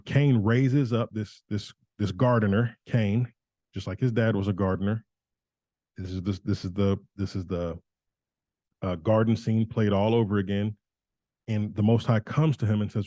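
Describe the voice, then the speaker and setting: A man's voice: fairly low pitch, mellow, no room sound. A man giving an informal Bible teaching in a conversational way, often restarting and correcting himself.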